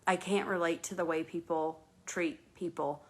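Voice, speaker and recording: A woman's voice: fairly low pitch, fairly even intonation, normal speed. A woman from North Carolina hosting a casual live chat, talking earnestly and rambling with many restarts and fillers. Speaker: host.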